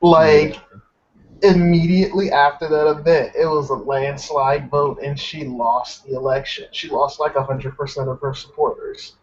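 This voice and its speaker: A man's voice: on the high side, steady tone, normal speed, highs cut off, slight background noise. A man in a casual stream chat, telling stories loosely with many fillers. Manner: loose, filler-heavy storytelling.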